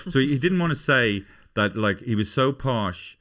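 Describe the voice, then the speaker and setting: A man's voice: mid-range voice, animated, moderate pace, fairly bright tone. A middle-aged Irish man hosting a podcast, chatting casually and rambling through comic stories. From Ireland. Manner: rambling, slips into put-on voices for anecdotes. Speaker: podcast host. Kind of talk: casual comedic chat.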